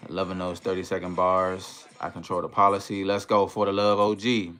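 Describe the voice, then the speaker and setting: A man hosting a casual livestream in a relaxed, easygoing way, reading viewer comments aloud and greeting them. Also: deep voice, normal speed, soft background music. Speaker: livestream host.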